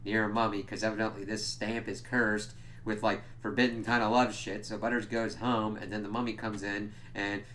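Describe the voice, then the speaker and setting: Casting note: low-voiced guy ranting through a TV episode review, foul-mouthed and fed up, faint hiss behind. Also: little pitch movement, moderate pace, fairly bright tone. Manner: profane, exasperated, mock-quotes characters. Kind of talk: casual spoken episode review.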